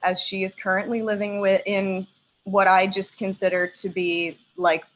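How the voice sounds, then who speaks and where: A young woman performing a stand-up set on a video call, emphatic and profane, pausing like a preacher between lines. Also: mid-range voice, flat delivery, rough recording. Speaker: stand-up comedian.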